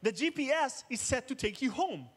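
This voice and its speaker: A man's voice: very high-pitched, lively intonation, normal speed, fairly bright tone. A man giving a keynote talk, mixing jokes with dramatic storytelling. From Israel. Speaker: conference speaker. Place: outdoor festival main stage.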